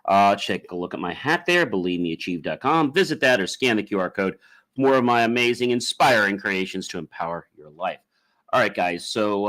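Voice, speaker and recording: A man hosting a solo podcast, rambling with frequent ums and uhs and guiding listeners through slow breathing. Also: on the low side, a bit bright. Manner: leads a slow guided breathing exercise. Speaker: podcast host.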